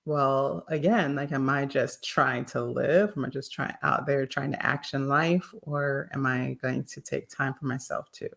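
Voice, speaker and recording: Deep, gravelly-voiced chatty woman. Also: steady tone, unhurried, few pauses, a bit bright. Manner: chatty, musing, many fillers. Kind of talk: casual conversation.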